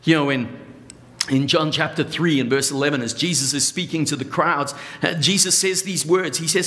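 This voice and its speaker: A middle-aged man giving a sermon as a pastor, earnest and conversational, slowing down and pausing on key phrases. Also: fairly high pitch, bright, forceful tone.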